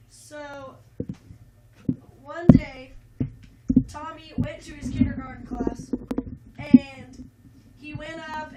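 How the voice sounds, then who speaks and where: A woman hosting a casual video, chatting and telling a long rambling story. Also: high-pitched. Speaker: video host. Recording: roomy, distant, noisy mic.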